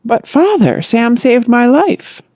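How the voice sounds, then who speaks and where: A woman's voice: fairly high pitch, animated, takes it slowly, mellow, dry recording, studio quality, pitched above the performer's own voice. A narrator voicing a young woman who pleads earnestly with her stern father in a comic audiobook. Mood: earnest, pleading.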